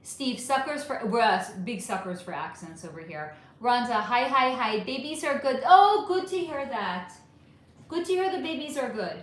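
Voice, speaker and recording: A woman with a fairly high voice hosts a relaxed livestream, reading and answering viewer comments in a chatty, animated way. The recording carries a noticeable room echo. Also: normal speed, hardly any pauses. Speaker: livestream host reading chat. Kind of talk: casual livestream chat. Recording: echoey room.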